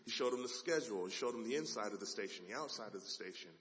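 A man preaching a sermon as a dramatic story, swinging from loud passages to hushed ones. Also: fairly low pitch, lively intonation, very fast. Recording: long hall reverb.

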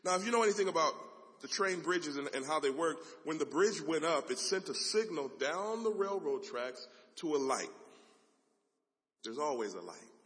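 A man preaching a sermon as a dramatic story, swinging from loud passages to hushed ones. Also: on the high side, lively intonation, normal speed. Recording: long hall reverb.

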